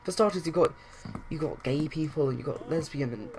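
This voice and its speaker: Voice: mid-range voice, expressive, moderate pace, a little hiss or hum, close to an everyday voice. Scolding old-fashioned mum, as the player puts her on. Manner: scolding and dismissive. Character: dismissive old-fashioned mother.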